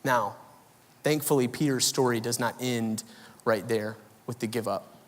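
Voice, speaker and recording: A man's voice: mid-range voice, unhurried. Male pastor preaching in a reverberant hall. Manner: animated storytelling, voices swing loud and soft. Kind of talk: sermon. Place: large church auditorium.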